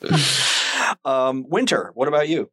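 A man's voice: mid-range voice, animated, slow, bright, forceful tone, slightly rough, no room sound. A man hosting an interview, giving short, encouraging prompts and questions.

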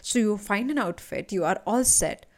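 Woman, podcast coach, animated storytelling, medium pitch. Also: moderate pace. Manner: animated, addresses listener as my friend. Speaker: leadership and anti-anxiety coach, podcast host.

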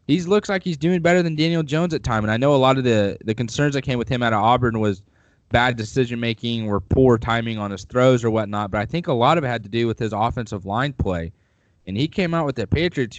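A man co-hosting a casual sports podcast, talking through football in a measured, explanatory way. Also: medium pitch, no echo, dull audio. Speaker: podcast co-host.

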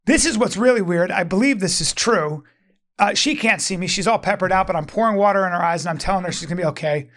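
Talking fast in a high, fairly bright voice, a man from Venice, Los Angeles tells a rambling, profanity-laced story in casual conversation, restarting it many times.

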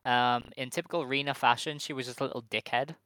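A man co-hosting a podcast talks through the week in loose, wry, rambling chat, stopping often on fillers. His voice is bright and smooth, and the sound is dry and close. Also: medium pitch, steady tone, fast talker, no room sound, poor audio. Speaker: podcast co-host.

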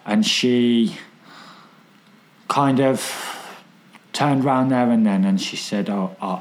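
A man's voice: medium pitch, takes it slowly, pauses often. A man, telling stories in casual chat, repeating himself and swearing freely. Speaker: podcast guest.

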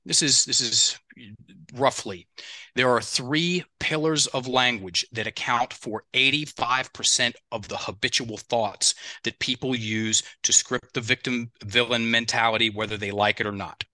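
A middle-aged man talks as an expert podcast guest and tells stories with plenty of energy. He often acts out other people's words. His voice is very bright and tense, recorded close and dry on a headset mic with no room sound. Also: medium pitch, unhurried, no echo. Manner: animated, acts out other people's words, addresses listeners directly. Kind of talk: conversational podcast interview with storytelling.

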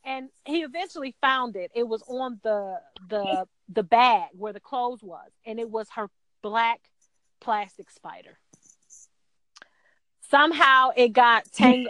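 Woman guest, high pitch, dry sound, lively anecdote teller. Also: slow, dry recording, rough recording. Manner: animated, acts out quotes in a high voice. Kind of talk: casual storytelling chat.

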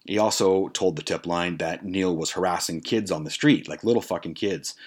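Low-voiced man telling a crude story. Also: moderate pace, husky. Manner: profane, rambling, self-interrupting. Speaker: podcast host. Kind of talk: casual storytelling. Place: Toronto.

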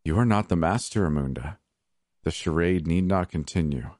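A man's voice: sits low, moderate pace, a little mellow, dry recording, studio quality, lightly acted. A man voicing a ruthless young sorceress who taunts coldly, in an audiobook. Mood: commanding. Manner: teasing, coldly mocking. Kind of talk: audiobook character voice.

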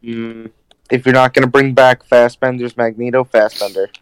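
A man's voice: mid-range voice, little pitch movement, normal speed, clear, resonant tone, no echo. A man co-hosting a casual chat, laid-back and rambling. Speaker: podcast co-host.

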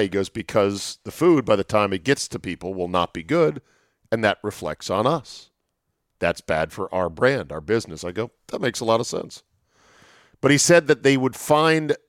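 A man hosting a talk show, telling stories in a chatty, wry way, his voice going hoarse. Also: lowish voice, dry recording, studio quality. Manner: chatty, storytelling, wry asides. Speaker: sports radio host. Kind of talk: solo monologue, casual chat.

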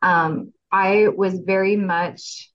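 A woman's voice: mid-range voice, steady tone, very slow, a bit bright. A woman guest on a podcast, speaking casually and animatedly, laughing often, with many fillers. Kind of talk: casual heartfelt chat. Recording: slightly dull lo-fi audio.

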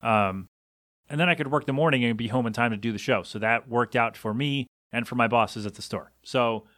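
A man's voice: mid-range voice, a little fast, a bit bright, no echo. Casual rambling male podcast host, dry sound. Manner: rambling, self-deprecating, loose storytelling with many fillers.

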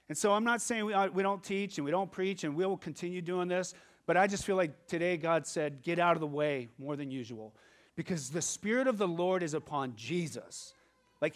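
High-voiced preaching man. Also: expressive, moderate pace. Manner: swings between quiet asides and loud emphatic preaching. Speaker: pastor. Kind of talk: sermon.

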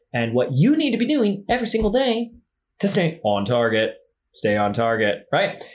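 A man's voice: on the high side, a little mellow. A man hosting a podcast who talks emphatically and repeats key phrases for effect. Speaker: podcast host. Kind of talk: enthusiastic podcast interview.

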